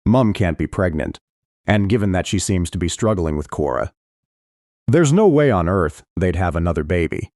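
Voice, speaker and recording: A very low, darkish male voice narrates a thriller audiobook in the first person at normal speed. His expressive delivery rises and falls to build tension, recorded dry and close with no echo or room sound.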